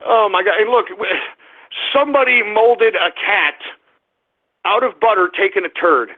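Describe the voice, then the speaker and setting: A man's voice: sits high, normal speed, echoey room. A male radio show host ranting in exasperation, stammering and restarting as he complains to his listeners. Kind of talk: call-in radio show rant. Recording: phone-like narrow radio audio.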